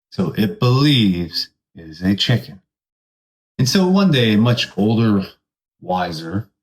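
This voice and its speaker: A comedian hosting his own podcast, unspooling a silly tall tale in a slow, unhurried delivery. His pitch swings widely from line to line as he lurches between deadpan narration and put-on voices. He sits in the middle range for a man. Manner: rambling, deadpan tall tale with sudden voice jumps. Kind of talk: comedic storytelling monologue.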